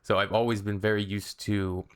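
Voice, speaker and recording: A man's voice: lowish voice, flat delivery, moderate pace, fairly bright tone, smooth. A man hosting a reaction channel, chatting casually with wry, sarcastic asides. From Canada.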